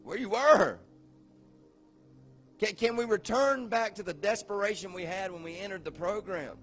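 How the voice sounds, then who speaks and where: A male pastor delivers a sermon in a loose, conversational way, often repeating words and tossing questions at the room. His voice sits a little high and swings between hushed, slowed passages and loud shouting. Soft music plays faintly behind him. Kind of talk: sermon to a recovery group.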